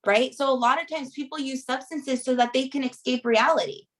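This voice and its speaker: A woman's voice: high-pitched, fairly quick, a bit bright, low-quality recording. A woman leading a group coaching session, giving motivational advice in an emphatic way and checking in with "right?" after nearly every point.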